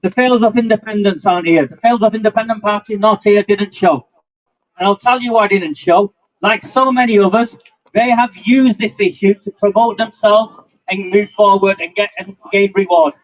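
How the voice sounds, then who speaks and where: Speaking at normal speed in a high-sitting voice, a man in his fifties gives a heated, defiant address at an outdoor protest. The recording is lo-fi and muffled, typical of an open-air rally.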